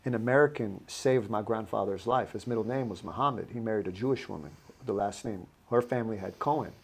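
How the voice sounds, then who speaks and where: A man hosting an interview in a casual way, with halting starts and fillers like "you know". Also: lowish voice, creaky, breathy edge. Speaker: host.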